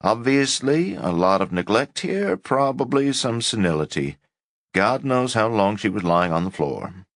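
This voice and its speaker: A man's voice: lowish voice, big pitch swings, a little slow, no room sound, clean studio sound, voice pushed up. A man voicing a curt, condescending young male resident doctor. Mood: dismissive.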